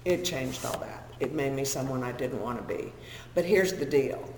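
A woman's voice: a bass voice, animated, moderate pace, a little mellow, a little hiss or hum. A woman in her sixties with a Texan accent, telling her recovery story to an audience in a candid, self-deprecating, humorous way. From Northern California. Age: 60s. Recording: echoey hall with long reverb.

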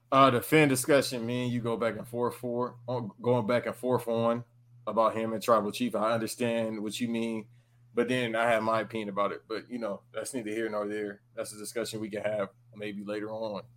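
A man's voice: on the low side, little pitch movement, normal speed, a bit bright. A man hosting a podcast in easygoing casual chat. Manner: easygoing, says "bro". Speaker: podcast host.

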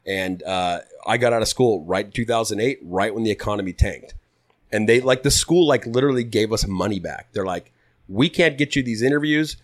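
A man in his thirties, a podcast guest, telling stories in a relaxed, casual way, swearing freely and acting out what people said. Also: fairly low pitch, brisk. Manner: relaxed, swears freely, acts out quoted dialogue. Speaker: podcast guest, pilot turned putter maker. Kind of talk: casual storytelling.

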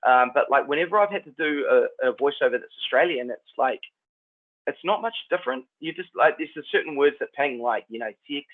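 A New Zealand man with a Kiwi accent, an actor chatting as a guest in a relaxed, rambling way. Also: medium pitch, a little fast. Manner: laid-back, rambling, says "man" and "like" a lot. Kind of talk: casual chat. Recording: tinny phone-like line.

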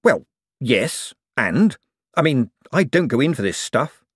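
A man's voice: mid-range voice, very animated, unhurried, fairly bright tone, husky, no echo, clean studio sound, voice pushed up, exaggerated voice. A man reading a wry, uneasy young man.

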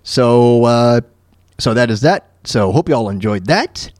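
A man's voice: medium pitch, animated, unhurried, a little mellow, no room sound, clean studio sound. A man hosting a comedy podcast, rambling casually through his notes with many fillers. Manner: rambling, lots of fillers and restarts. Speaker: podcast host.

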